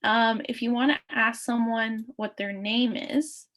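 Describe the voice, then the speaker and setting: A woman from Thunder Bay, Canada, teaching a beginners' language lesson, patiently repeating each phrase slowly, with frequent "um" and "uh". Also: on the high side, fairly even intonation, a bit bright.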